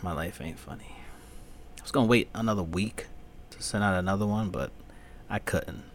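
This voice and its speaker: A man with a fairly low voice hosts his own podcast, talking in a loose, rambling, profane style. He drifts between low mutters and sudden loud, high-pitched rants. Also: moderate pace, a little hiss or hum. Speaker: podcast host. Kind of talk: solo podcast rant.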